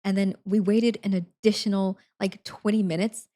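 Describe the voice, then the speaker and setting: A woman's voice: medium pitch, fairly even intonation, moderate pace, dark tone. Young female streamer, casual rambling storyteller, acts out dialogue. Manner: chatty, many fillers, acts out quotes.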